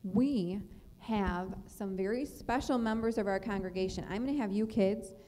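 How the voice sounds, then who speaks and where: A woman's voice: mid-range voice, moderate pace, mellow, slight background noise. A woman leading children at a church service, friendly and guiding, asking them questions. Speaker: children's ministry leader. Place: church sanctuary. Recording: long church hall reverb.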